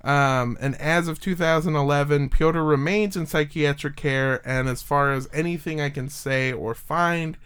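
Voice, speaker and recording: Podcast host, male, slightly high, smooth voice, loose rambling delivery. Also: steady tone, measured pace, hardly any pauses, fairly bright tone. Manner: rambling with fillers, jokey. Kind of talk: casual chat, telling a story.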